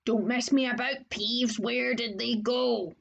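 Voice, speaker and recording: A woman's voice: fairly high pitch, fairly even intonation, takes it slowly, vocal fry, full character voice. Woman reader as a curt old caretaker, demanding and impatient, dull lo-fi audio. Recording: dull lo-fi recording.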